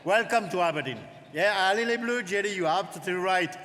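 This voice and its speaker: A man from France with a French accent, a native French speaker, giving a lively, direct political speech to a conference. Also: high voice, fast. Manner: warm-up jokes, lively and direct. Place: large conference hall. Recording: long hall reverb, faint noise.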